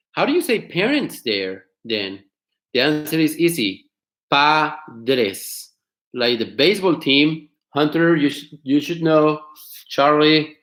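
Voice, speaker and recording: A man teaching an online class, explaining words slowly, repeating them and asking his students questions. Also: fairly high pitch, fairly bright tone, echoey room. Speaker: Spanish teacher. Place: home studio.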